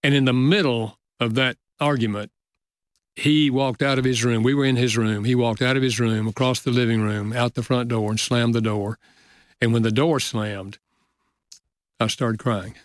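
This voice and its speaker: Older guy, earnest gentle storyteller, chuckles a lot, dry close mic. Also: medium pitch, steady tone, normal speed, no echo. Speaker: guest author. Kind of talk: reflective storytelling interview.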